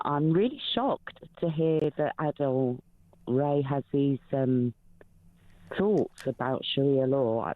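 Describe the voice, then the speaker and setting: A woman in her fifties calling in to a talk show, speaking emotionally and haltingly with many fillers. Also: extremely low pitch, no echo. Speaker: caller. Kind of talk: phone-in call. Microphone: telephone. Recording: tinny phone line.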